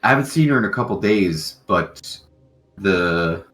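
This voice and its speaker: A man's voice: deep voice, expressive, a little slow, fairly bright tone, faint music behind. A man voicing an old female shopkeeper, chatty and shrewd, with lots of hesitant ums. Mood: wry.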